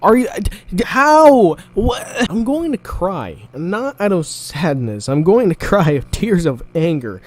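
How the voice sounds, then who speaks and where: A man yelling furious, profane commentary while playing a video game. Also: sits high, sing-song, a little slow. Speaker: gamer. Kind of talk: raging gameplay commentary.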